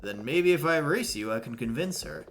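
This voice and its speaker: A man's voice: on the high side, animated, moderate pace, fairly bright tone, faint music behind. A man voicing an earnest young lawyer investigator in a game, questioning and a little hesitant. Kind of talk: reading game dialogue aloud.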